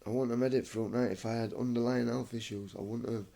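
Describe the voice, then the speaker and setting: A man's voice: mid-range voice, fairly even intonation, fast, creaky, dark tone. A young man, feverish and shivering, rambling at home in a repetitive way and calling the listener mate. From United Kingdom. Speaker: vlogger. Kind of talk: rambling home video monologue. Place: his home.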